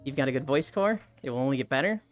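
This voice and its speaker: A woman's voice: very deep voice, rapid-fire, faint music behind. A woman hosting a live stream, chatting casually with a guest, swearing freely and greeting chat viewers as she goes. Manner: animated, swears freely, reads chat aloud. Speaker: streamer host.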